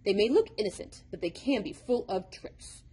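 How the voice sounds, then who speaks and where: A woman's voice: medium pitch, lively intonation, moderate pace, mellow, breathy edge. A woman voicing an impish, impatient male number devil who lectures like a know-it-all, in a storybook reading. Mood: lecturing.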